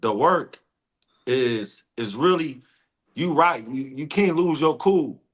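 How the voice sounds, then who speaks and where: A man who works as a comedian, talking in an earnest, fast, street-smart way in a casual chat. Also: on the high side, lively intonation, muffled recording. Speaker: comedian guest.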